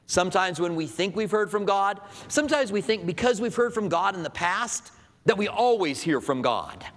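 A man's voice: high voice, lively intonation, normal speed, fairly bright tone. Man preaching in a reverberant hall. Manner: conversational preaching with rhetorical questions. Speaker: pastor. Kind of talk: sermon.

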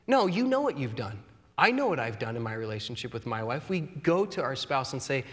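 A man in his thirties delivers a sermon in a high, bright register. He talks to the congregation like friends, earnest and self-deprecating. A long reverb from the hall trails behind his words. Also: big pitch swings, normal speed. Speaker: preacher.

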